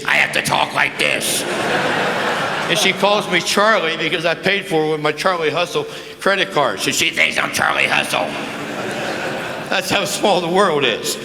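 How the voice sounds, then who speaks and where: A man's voice: on the high side, pushed and bright. A man in his seventies telling folksy, crude after-dinner stories into a handheld mic in a large banquet hall, acting out the people he quotes. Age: 70s. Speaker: guest speaker. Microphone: handheld microphone. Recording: echoey banquet hall with faint noise.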